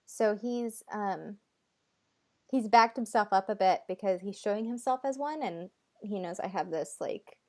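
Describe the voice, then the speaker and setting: A woman channeler talking casually, nervous and halting, with many fillers and restarts, relaying an unseen being's words in her own voice. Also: medium pitch. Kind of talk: casual conversation.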